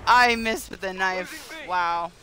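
A woman streaming live gameplay commentary, excitable and squealing, talking to the game as she plays. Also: medium pitch, takes it slowly.

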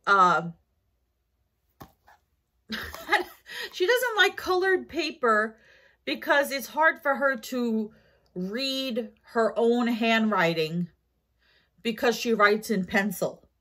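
A woman's voice: fairly high pitch, expressive, slow, pauses often, sharp tone. A tired woman with a New York accent, rambling through a casual shopping haul vlog with lots of fillers and self-corrections. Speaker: haul vlogger.

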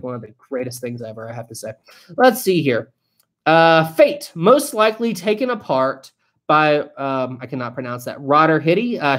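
A casual live-stream host who chats with viewers, reads their messages aloud and thinks out loud between them. The pitch is lively and wanders widely. The host laughs easily and keeps things loose and jokey. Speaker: livestream host reading viewer donations.

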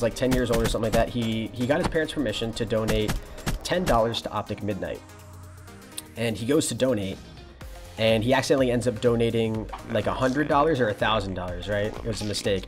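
A young man in college streaming a shooter game, chatting casually and answering his viewers' messages. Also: fairly low pitch. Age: young adult. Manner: relaxed, chatty, reads and answers chat. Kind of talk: casual live-stream chat while playing.

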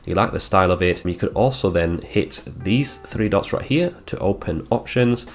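Low-pitched guy narrating a screen tutorial, plain step-by-step explaining. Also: lively intonation, moderate pace, gravelly. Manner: explains steps plainly, walking through clicks. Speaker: tutorial host. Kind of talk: screen-recorded software tutorial.

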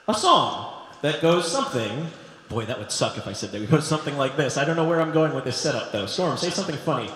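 A man doing quick, wry comedic stage banter and singing on a stage microphone in a large concert venue. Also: fairly high pitch, very animated, a bit bright, a little hiss or hum. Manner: wry, quick-witted, joking. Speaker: comedy music performer. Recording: reverberant hall with live crowd. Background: crowd and music.

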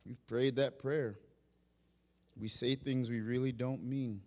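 A male pastor preaching a passionate sermon. He swings from loud, urgent peaks to quiet, intimate asides and acts out prayers and God's replies in the first person. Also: medium pitch, steady tone, slow pace, big-room sound. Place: church sanctuary.

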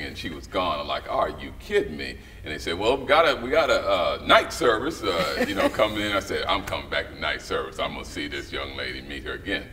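A middle-aged man, a writer and director, telling stories as a guest in a casual interview and acting out the voices of people he quotes. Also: very deep voice. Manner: animated storyteller who acts out quoted voices. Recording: slightly distant mic with faint background noise.

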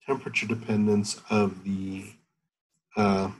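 Husky, low-voiced man lecturing hesitantly. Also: flat delivery, unhurried, low-quality recording. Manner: hesitant, thinking aloud with many fillers. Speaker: chemistry lecturer. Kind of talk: university lecture over a video call. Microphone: computer mic on a video call.

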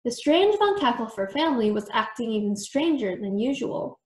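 A woman reading a children's book aloud with expressive storybook narration. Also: fairly high pitch, moderate pace, roomy sound. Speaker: storytime reader.

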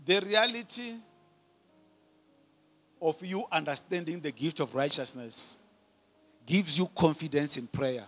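A man preaching a sermon as pastor, asking the congregation questions and swelling from quiet teaching to loud calls. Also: fairly high pitch, measured pace, pauses often. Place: church hall.

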